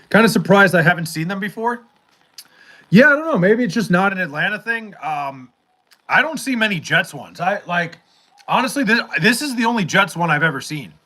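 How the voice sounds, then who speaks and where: Young male streamer, bright and a bit high, loose rambling chat with swearing and filler words. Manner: rambling, profane, with many fillers and restarts. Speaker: livestream host reading chat. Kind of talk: casual livestream chat.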